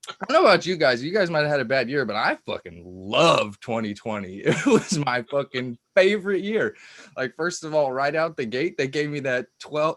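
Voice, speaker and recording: A man's voice: on the high side, expressive, moderate pace, a bit bright, dry recording, clean studio sound. A man doing a crude, swearing stand-up set, laughing at his own jokes, on a cheap lip mic. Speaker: stand-up comedian.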